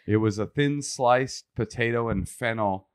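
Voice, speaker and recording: A man's voice: mid-range voice, a little slow, clean tone. A man co-hosting a podcast, chatting casually with a wry, joking manner. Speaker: podcast co-host. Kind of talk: casual comedic chat.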